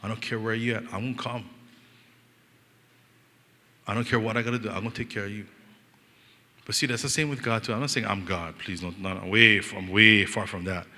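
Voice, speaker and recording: Bright-voiced pastor with a Hawaiian Pidgin lilt. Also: male voice, on the low side, fairly quick, long pauses. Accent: Hawaiian Pidgin-inflected English. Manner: animated, joking, acts out quoted voices. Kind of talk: storytelling sermon. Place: church hall. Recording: long reverb of a church hall.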